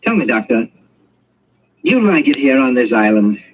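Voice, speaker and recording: An actor playing a young British colonial official who talks in a dry, probing, ironic way, in an old radio drama. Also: male voice, mid-range voice, big pitch swings, moderate pace, close to an everyday voice. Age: young adult. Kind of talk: 1940s radio drama acting. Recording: dull lo-fi old radio recording, faint hiss.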